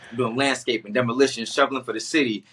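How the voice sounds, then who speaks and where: A young man from the Boston area tells a story as a guest on a podcast. He talks casually and with lots of slang, and he acts out the lines of the people in his story. His voice is bright and forceful. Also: mid-range voice, fairly even intonation, fast, slightly rough.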